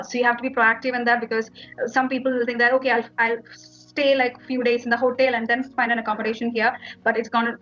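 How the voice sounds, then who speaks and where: Chatty young Indian woman, slightly high voice. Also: fairly bright tone, dull audio. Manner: chatty, fillers like "like" and "you know". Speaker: interview guest, international student. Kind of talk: casual interview chat.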